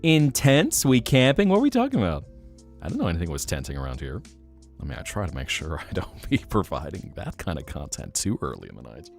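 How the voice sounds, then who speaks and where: A man with a low voice chats with his stream in a playful, teasing manner, swinging his pitch up and down as he jokes and feigns innocence. Faint music plays softly behind him. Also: wildly swooping pitch, fairly quick, gravelly. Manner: playful, teasing, jumps between mock denial and joking. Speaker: VTuber streamer. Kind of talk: casual chat with live chat.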